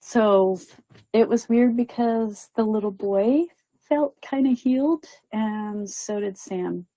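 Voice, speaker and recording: Woman telling a medium story, lots of um and like, mellow low-ish tone, dry close sound. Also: slow pace, no room sound, low-quality recording. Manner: chatty, many fillers and quoted voices. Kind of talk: casual storytelling.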